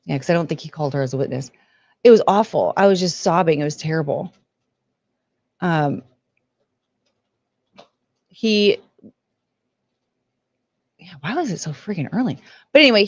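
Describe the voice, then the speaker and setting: Woman livestream host; rambling, emotional, salty; lowish voice, dry close recording. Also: expressive, normal speed, pauses often, dry recording, muffled recording. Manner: rambling, emotional, swears freely. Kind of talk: casual livestream commentary.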